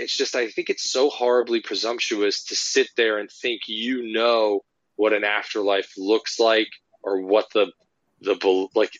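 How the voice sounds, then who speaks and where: A man, a paranormal investigator, telling lively, rambling anecdotes with lots of fillers in a casual interview. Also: lowish voice, no room sound, lo-fi sound.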